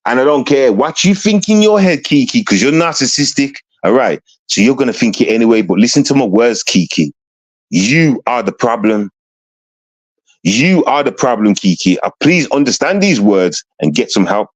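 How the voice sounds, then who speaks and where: A man's voice: medium pitch, big pitch swings, moderate pace. A man ranting bluntly and confrontationally into the camera, repeating himself for emphasis. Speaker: vlogger. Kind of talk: ranting commentary.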